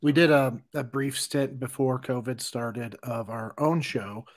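A man co-hosting a podcast, talking in a relaxed, casual way. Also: medium pitch, measured pace. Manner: relaxed, reacts with laughs and short replies. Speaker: podcast co-host. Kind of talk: casual chat.

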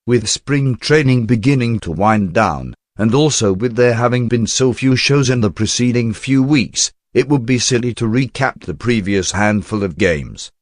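A man's voice: medium pitch, lively intonation, moderate pace, few pauses, no room sound, clean studio sound, natural voice. A man voicing a fussy, formal personal secretary who fills in as sports podcast host, with stiff, precise diction in a scripted comic read. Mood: prim.

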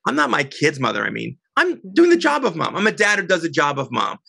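A middle-aged woman as an interview guest, telling a heated story in an animated, indignant way. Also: low voice, fast, vocal fry, husky, no room sound. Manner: animated, indignant, quotes others.

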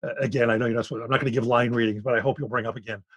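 A man's voice: mid-range voice, steady tone, husky, lo-fi sound. A man co-hosting a podcast, telling rambling stories in a casual, chatty interview. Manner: chatty, rambling storyteller with quick asides. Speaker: podcast co-host.

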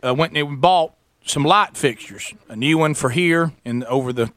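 A man telling a long animated story on a radio show, acting out the voices of the people in it. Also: on the high side, moderate pace.

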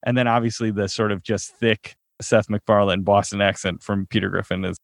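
Chatty, animated storyteller man. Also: on the low side, a little fast, creaky, no echo, studio quality. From Chicago suburbs, US Midwest. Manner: animated storyteller, laughs while talking. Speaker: actor, interview guest. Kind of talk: casual interview.

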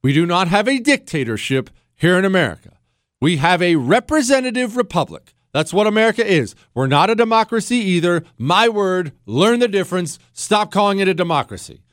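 Indignant man ranting, high and lively. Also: brisk, no echo, studio quality. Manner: indignant, emphatic, rhetorical questions. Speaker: podcast host. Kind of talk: ranting political commentary.

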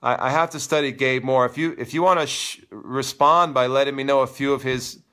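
A man with a clean, medium-pitched voice hosts a live tennis show at a brisk pace, answering viewer comments in a casual, animated way. He's opinionated and teasing.

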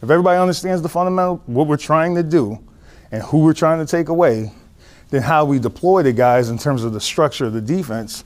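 A man's voice: a little high, a little fast. A man, a football coach, explaining his defensive approach in an instructive way, often restarting his sentences.

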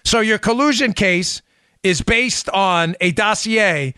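A man hosting a political talk show, giving opinionated commentary full of sarcasm and mocking quotes, rising to loud outbursts and dropping to low asides. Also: slow, clear, resonant tone, no echo, clean studio sound.

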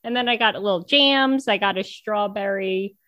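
A woman's voice: mid-range voice, normal speed, pushed and bright, dry recording, muffled recording. A young woman telling a story in casual, giggly chat.

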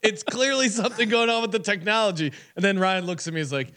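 A man co-hosting a sports betting podcast, quickly rattling off stats and telling stories about his co-hosts. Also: sits high, sharp tone. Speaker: podcast co-host. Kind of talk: casual sports betting chat.

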